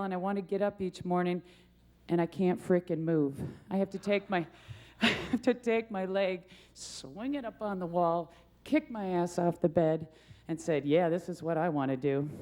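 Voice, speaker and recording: A woman's voice: mid-range voice, moderate pace, warm tone. A young woman, a monster truck driver, giving a rambling, laughing award acceptance speech full of self-deprecating stories.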